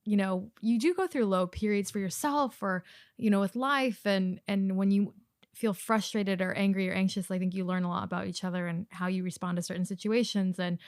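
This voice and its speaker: A woman from the States co-hosting a podcast in casual chat, emotional and quick to laugh, with many fillers. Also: mid-range voice, steady tone, clean tone, dry recording, clean studio sound. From United States. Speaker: podcast co-host.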